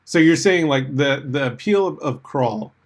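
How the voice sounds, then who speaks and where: A man co-hosting a podcast in casual chat, jokey and quick to riff on silly ideas. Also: on the high side, expressive. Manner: jokey, riffs on silly scenarios. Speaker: podcast co-host.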